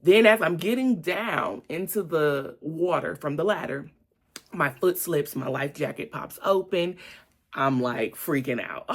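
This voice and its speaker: A woman vlogger telling an animated faith-based story, often calling viewers "y'all" and breaking into exclamations. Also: deep voice, unhurried, creaky, husky.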